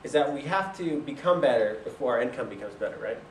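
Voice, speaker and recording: Talking fast in a mid-range voice, a young man animatedly recounts his business story, often laughing and acting out other people's lines in their voices. There's a little background noise, and the far-off mic leaves a roomy echo.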